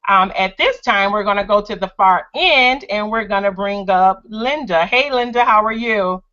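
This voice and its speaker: Upbeat woman host with a crisp bright tone, dull lo-fi call sound. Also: medium pitch, moderate pace. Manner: upbeat, introducing speakers. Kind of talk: hosting a sales call. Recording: muffled online call audio.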